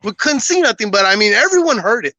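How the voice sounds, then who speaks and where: A man who is a podcast guest, casually telling a personal story in an animated way, often laughing and acting out what people said. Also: high voice, quick pace, no echo, rough recording.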